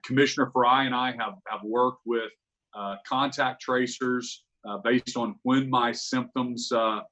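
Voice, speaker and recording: A man in a played news clip giving an official statement, halting with many pauses. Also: medium pitch, fairly even intonation, bright, forceful tone, dull audio. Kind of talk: press briefing statement.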